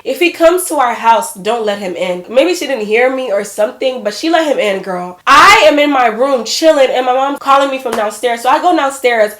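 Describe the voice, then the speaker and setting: A woman in her twenties chatting casually to her viewers, telling a personal story in an animated way. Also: a little high, reverberant. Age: 20s. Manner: animated, addresses viewers as y'all and girl. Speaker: vlogger.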